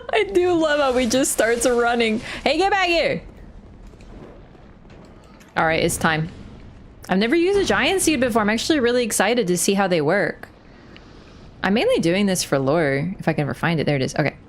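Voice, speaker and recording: A young woman streaming a game live, excitable, shouting at the game and laughing often. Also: mid-range voice, a little fast, slight background noise.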